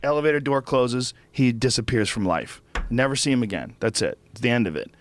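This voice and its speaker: A man's voice: mid-range voice, lively intonation, fairly quick, background noise. A middle-aged man hosting a podcast, telling a story as a casual, profane rant that gets heated and repetitive. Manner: profane, heated, repeats himself when worked up. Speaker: podcast host.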